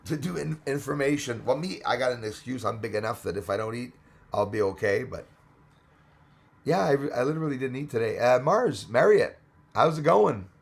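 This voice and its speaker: A man's voice: mid-range voice, expressive, moderate pace, vocal fry, slightly rough. A man hosting a casual live stream, chatting with viewers, greeting them by name and laughing often. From Australia.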